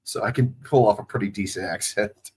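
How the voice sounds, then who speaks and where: A man's voice: on the low side, fairly quick, darkish tone, husky. Casual man calling plays with slight drawl. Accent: slight Southwest Ohio drawl. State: recovering from a cold. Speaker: streamer doing watch-along play-by-play. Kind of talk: casual play-by-play commentary and chat.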